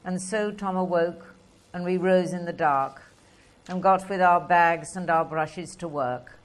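A woman reads poetry aloud in a slow, measured way. Her voice sits low, and she lets each line settle before the next. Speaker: poetry reader. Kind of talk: poetry reading.

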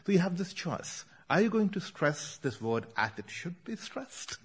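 A man with an Indian accent, a poet talking about his work and reading his verse aloud in a measured, deliberate cadence. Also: sits high, very animated, breathy edge. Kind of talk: poetry reading and conversation.

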